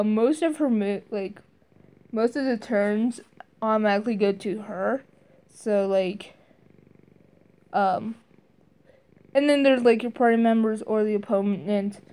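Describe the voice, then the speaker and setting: A woman talks through a video game review at an unhurried pace, her voice mellow and soft-edged. She hesitates often, filling gaps and restarting her sentences as she goes. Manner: hesitant, many fillers and restarts; briefly mimics game character lines in higher voices. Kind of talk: casual spoken game review.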